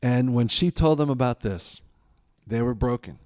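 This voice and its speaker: A male pastor delivering a sermon at a middle pitch. His preaching is earnest and emphatic. At times it falls to a soft, hushed tone. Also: moderate pace.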